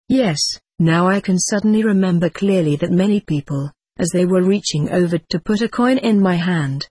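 A woman narrating a first-person memoir in a measured, somber storytelling manner. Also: lowish voice, darkish tone, slightly rough, no echo. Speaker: audiobook narrator.

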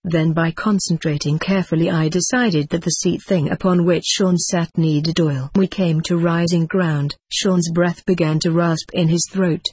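An audiobook reader giving steady, measured first-person narration of a scripted story. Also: mid-range voice, husky, dry recording.

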